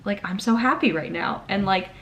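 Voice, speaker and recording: A young woman talks straight to camera in a casual confessional chat. She is frank and animated, drops curse words freely, and acts out the things other people said to her. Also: mid-range voice, normal speed. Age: 20s. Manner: candid, animated, swears freely, acts out quotes. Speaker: vlogger; patient navigator.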